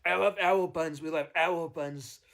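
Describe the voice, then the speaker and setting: Guy doing a bragging owl politician impression, kinda high, rambly and boastful. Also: steady tone, measured pace, vocal fry, fairly bright tone.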